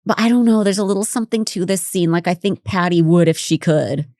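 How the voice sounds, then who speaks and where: Woman podcast co-host, frank and salty, slightly low pitch, dry close-mic sound. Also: a little fast, dark tone, no room sound. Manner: frank, blunt, swears casually. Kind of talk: casual chat recapping a reality show.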